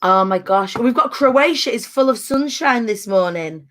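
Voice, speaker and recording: A woman's voice: fairly high pitch, lively intonation, measured pace. A woman hosting a casual online chat show, chatty and bubbly, laughing often. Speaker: host.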